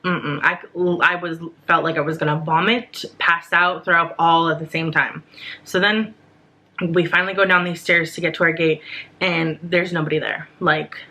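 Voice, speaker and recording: Young woman, bright tone, lowish voice, casual storytime, animated, swears a lot. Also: normal speed. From United States. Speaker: vlogger.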